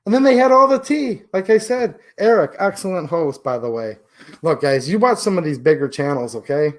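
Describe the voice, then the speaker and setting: A man's voice: fairly high pitch, animated, a little fast. A man with a slightly raised voice hosts a casual livestream. He chats and jokes with his viewers in loose, rambling asides. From Michigan. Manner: chatty, joking, rambling asides. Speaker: livestream host. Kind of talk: casual livestream chat reading viewer comments.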